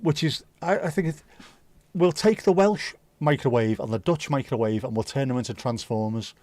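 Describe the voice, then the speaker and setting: A man's voice: mid-range voice, normal speed, darkish tone, dry recording. Blunt man hosting a live chat. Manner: blunt, opinionated, swears freely. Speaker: livestream host. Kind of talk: casual chat reading viewer comments.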